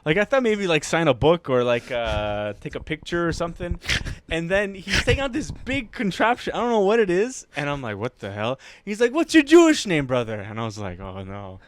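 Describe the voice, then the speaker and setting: A man's voice: on the high side, sing-song, clean tone. Laughing man telling a story. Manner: laughs through his own story, quick asides. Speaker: podcast co-host. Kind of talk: casual storytelling chat. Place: podcast studio.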